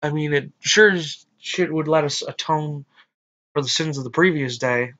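A man's voice: a little high, moderate pace, dull audio. A man hosting a let's play, reading the narration of a visual novel and breaking off to joke and decide what to do. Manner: reads narration softly, jokes loudly in asides. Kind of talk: narrating and commenting on a game. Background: faint game music.

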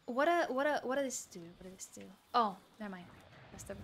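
High, lively excitable woman streamer. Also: brisk. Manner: excitable, yelping exclamations and giggles. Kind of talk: live gameplay commentary.

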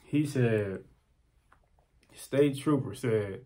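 A man's voice: medium pitch, measured pace. Slangy young man telling a story. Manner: animated, slangy, repeats himself. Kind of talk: casual storytelling.

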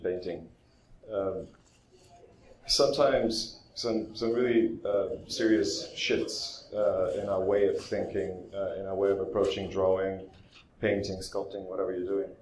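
Low-voiced man giving a roomy, relaxed talk. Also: a little hiss or hum. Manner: relaxed, self-deprecating, many fillers and restarts. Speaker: guest speaker at an art expo. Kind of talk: casual storytelling presentation. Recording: roomy echo with faint ambience.

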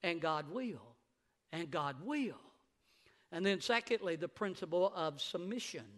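Middle-aged male pastor, a notably high, bright voice, a fervent preacher who slows down to stress points. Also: animated. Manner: emphatic preaching, slowing down for stress and rising to shouts. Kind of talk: sermon. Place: church sanctuary.

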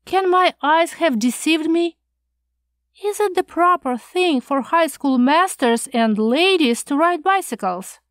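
A prim, nervous old schoolmaster, as a woman reader voices him frets and lectures in a scandalized, pleading tone. The voice sits high and strained, with slow, drawn-out pacing. It is recorded dry and close for an audiobook. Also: expressive, dry recording. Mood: shocked. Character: fussy, anxious, prim older male schoolmaster.

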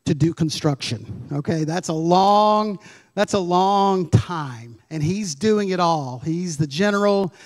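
A man's voice: sits high, a little mellow. A male pastor preaching a conversational sermon in church, full of asides and rhetorical questions to his congregation.

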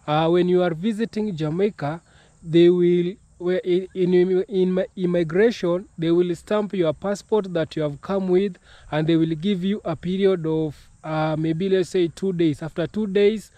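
A man from Kenya hosts a reaction video in a high voice, talking slowly and haltingly with frequent restarts. The sound is very dry and close. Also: mellow, no echo. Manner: slow, halting, many restarts. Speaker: YouTube reaction host. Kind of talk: casual reaction commentary.

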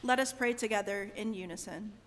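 A woman pastor leading worship in a church sanctuary, reading scripture and prayer in a measured, solemn way. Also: mid-range voice. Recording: long church reverb with congregation.

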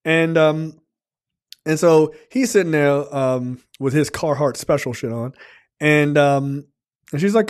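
Male podcast co-host, 40s, slightly high voice, rambling and profane, casual review chat. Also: takes it slowly, clear, resonant tone. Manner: loose and profane, with many fillers and acted-out quotes.

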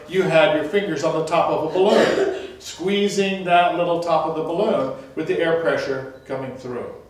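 A man teaching a choral leadership class, walking singers through breathing and vocal mechanics with patient explanation and the odd joke about himself. His fairly high voice rings around a very reverberant room, picked up from some distance away. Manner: explanatory, hesitant restarts, light self-deprecating humor. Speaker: choral workshop instructor. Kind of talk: hands-on vocal technique lecture. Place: large echoey room, recorded from far off. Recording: very echoey room audio from a distant mic.

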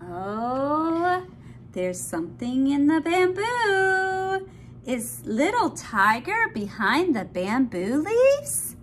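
Slow, sing-song woman reading to a baby. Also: sits high, big pitch swings, slight background noise. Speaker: children's story time host. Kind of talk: reading a picture book to a baby.

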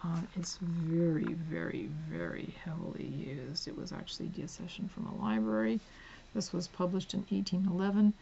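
A woman's voice: on the low side, steady tone, moderate pace, creaky, lo-fi sound, a little hiss or hum. Chatty, giggly book-haul woman. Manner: chatty, giggly, drifts into soft whispers while reading spines. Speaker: book vlogger. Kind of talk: casual book haul vlog. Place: home.

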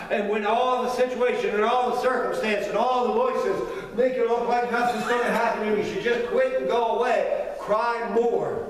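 Male preacher, fervent, repetitive sermon delivery; high-pitched, recorded from afar in a big echoey hall. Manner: fervent, repetitive, builds with rhetorical questions. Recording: echoey hall, mic from far off.

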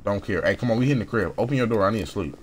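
A man's voice: on the low side, racing, a little hiss or hum. A young man giving loose, profane, casual commentary while playing a game and talking to other players. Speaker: gaming streamer. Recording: loud gunfire from the game behind the voice. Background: game sounds and gunfire.

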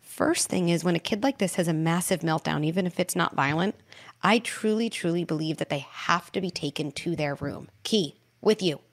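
A middle-aged woman, the host and parenting expert, calmly explaining advice on an advice podcast. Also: on the low side, normal speed. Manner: calm, explanatory, reassuring.

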